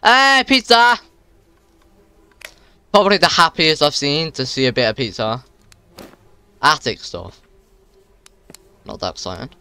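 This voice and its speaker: A young man talks his viewers through a horror game in a jumpy, excitable way. His voice is bright and forward, with a smooth, clean sound. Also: mid-range voice, moderate pace, pauses often, dry recording. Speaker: gaming channel host. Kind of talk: horror game let's-play commentary.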